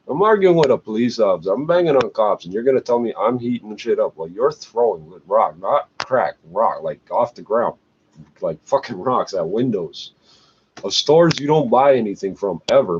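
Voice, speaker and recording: A man's voice: on the low side, lively intonation, normal speed, darkish tone. A man ranting angrily and sarcastically, swearing constantly and laughing between complaints. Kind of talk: profane ranting monologue. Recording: muffled lo-fi recording with faint background hiss.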